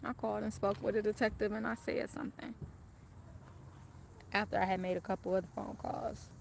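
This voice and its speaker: A woman's voice: medium pitch, fairly even intonation, fairly quick, creaky, a little hiss or hum. A woman casually telling a personal story in a candid, profane, rambling way.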